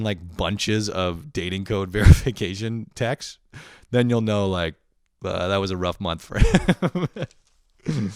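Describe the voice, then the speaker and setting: A young man from Canada talks solo for his podcast, rambling loosely and swearing freely. His voice sits low and deep. The recording is dry and close, with no room sound. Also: darkish tone, clean tone, no room sound. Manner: profane, rambling, laughing often. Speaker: podcast host. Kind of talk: casual monologue.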